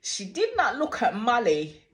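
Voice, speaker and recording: A woman's voice: a little high, wildly swooping pitch, a little slow. A woman hosting a casual reaction review of a TV show. She talks animatedly, swears freely, and often trails off and starts her sentences again. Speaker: reality TV reaction host.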